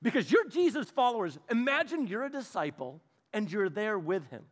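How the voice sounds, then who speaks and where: A male preacher retells a story with playful, animated energy and quick asides to his listeners. His voice sits high and swings widely in pitch, bouncing from hushed narration to bright emphasis.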